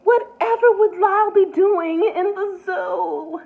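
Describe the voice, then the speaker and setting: A woman's voice: sits high, animated, measured pace, pitched above the performer's own voice. A woman doing a frantic, pleading lady. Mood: dismayed. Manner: anxious, pleading. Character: frantic middle-aged woman searching for her crocodile. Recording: tinny phone-like sound.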